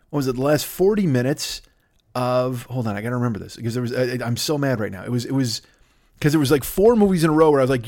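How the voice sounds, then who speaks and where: Fast, profane ranting podcast man. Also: on the high side. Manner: profane, rambling, exasperated. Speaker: podcast host. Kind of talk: comedic rant.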